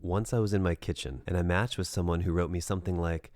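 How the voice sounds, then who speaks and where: A man's voice: low-pitched, fairly even intonation, fast, a little mellow, no echo. A man working as a dating coach, giving advice in a direct, conversational monologue and checking in with the listener.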